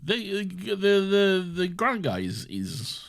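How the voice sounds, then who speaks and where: Lively-voiced laid-back male podcast host. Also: high-pitched, slow pace, gravelly. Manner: laid-back, rambling, swears freely. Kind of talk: casual chat.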